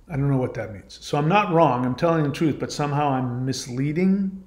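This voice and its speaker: A man's voice: a little high, expressive, a little fast, a little mellow. A man hosting a channel, delivering a monologue in reply to a viewer comment, emphatic and argumentative, repeating his points. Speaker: channel host. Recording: echoey room.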